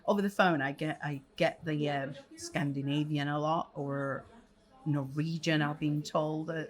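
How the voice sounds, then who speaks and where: A woman's voice: low-pitched, steady tone, a little slow. A woman from Mexico answering interview questions in a chatty way, laughing between thoughts.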